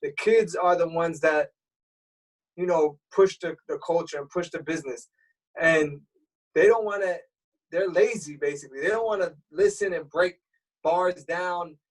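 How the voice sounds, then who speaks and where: A man being interviewed as a radio DJ, explaining things in a relaxed, streetwise way. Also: on the high side, normal speed. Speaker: radio DJ guest. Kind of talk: casual interview chat. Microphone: remote call. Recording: voice a bit far from the mic.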